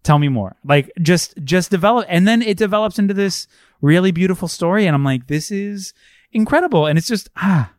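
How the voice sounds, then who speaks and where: A man's voice: sits high, lively intonation, quick pace, no echo, clean studio sound. A man co-hosting a casual film discussion, gushing enthusiastically and acting out quotes. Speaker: podcast co-host.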